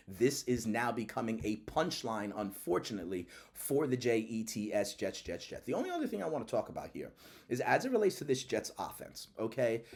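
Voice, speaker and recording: Animated male sports commentary host. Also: mid-range voice, gravelly. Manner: emphatic, repetitive, animated.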